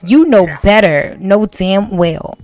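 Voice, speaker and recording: A woman's voice: mid-range voice, animated, slow pace, a little mellow, soft background music. A woman voicing a middle-aged mother who angrily scolds her teenage son, exasperated and repeating herself. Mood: scolding.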